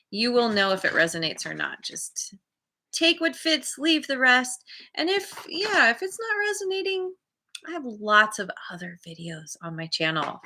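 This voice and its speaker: Woman tarot reader, casual to-camera reading; unhurried, bright-toned, rambling and self-amused. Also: on the high side. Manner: chatty and meandering, laughs at herself.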